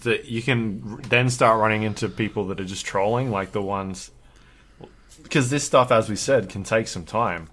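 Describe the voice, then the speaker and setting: A man co-hosting a podcast in casual chat, talking in a relaxed way with casual swearing and fillers. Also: fairly low pitch, normal speed, slight background noise. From Australia. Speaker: podcast co-host.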